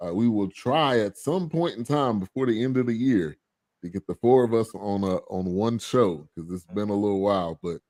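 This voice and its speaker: Laid-back low-voiced man hosting. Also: normal speed, no echo. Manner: relaxed, laughs often, loose fillers. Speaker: host. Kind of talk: casual podcast chat.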